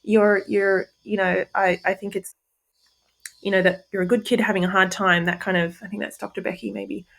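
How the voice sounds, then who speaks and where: A woman co-hosting a podcast conversation. She thinks aloud, hedging with fillers as she works out her point. Her voice has steady, medium pitch and a creaky, fry-laden texture. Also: normal speed. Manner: thoughtful, hedging, many fillers. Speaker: podcast host.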